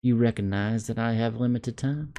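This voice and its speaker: A man's voice: mid-range voice, mellow, close to an everyday voice. A Southern man reading a stern, formal school official. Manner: measured, formal and composed. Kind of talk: video game dialogue reading.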